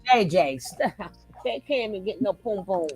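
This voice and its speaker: A woman co-hosting a casual commentary chat, teasing and laughing with quick interjections. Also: medium pitch, expressive, darkish tone, faint music behind.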